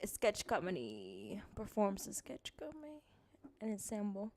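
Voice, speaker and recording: A woman's voice: medium pitch, huge pitch swings, moderate pace, darkish tone, slight background noise. A young woman co-hosting a podcast, chatting casually in a playful, jokey way and laughing often. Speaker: podcast co-host. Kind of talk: casual chat.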